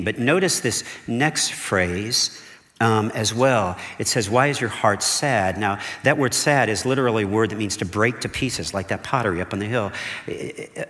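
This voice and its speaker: A man's voice: fairly low pitch, a bit bright. A man, a pastor, delivering a conversational sermon, often checking in with "okay?" and "right?". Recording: long hall reverb.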